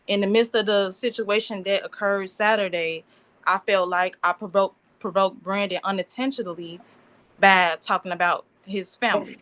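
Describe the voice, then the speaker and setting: Pleading emotionally over a remote call, a woman in her twenties speaks to a bond hearing as the alleged victim, her sentences running on. Her mid-range voice holds a steady, fairly bright tone at a moderate pace.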